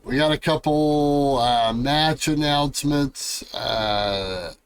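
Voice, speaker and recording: A man hosting a wrestling podcast in casual chat, laid-back and unhurried as he runs through the news. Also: mid-range voice, clear, resonant tone. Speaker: podcast host.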